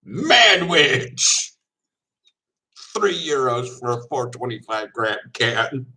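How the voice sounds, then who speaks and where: Slow-talking wry man chatting casually. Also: medium pitch, sing-song, bright, forceful tone, low-quality recording. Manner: wry, sarcastic, laughs often. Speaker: vlogger. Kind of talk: casual chat.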